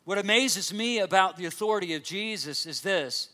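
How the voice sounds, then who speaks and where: A man's voice: high-pitched, expressive, normal speed, bright, forceful tone. A man preaching a sermon in an earnest way, reading scripture aloud and explaining it to his congregation. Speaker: pastor.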